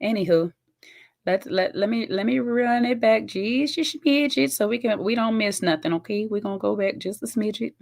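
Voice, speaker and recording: A woman hosting a casual reaction video, chatty and folksy, with loud, laughing asides. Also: mid-range voice, normal speed, creaky. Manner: chatty and folksy, calls viewers "child" and "baby".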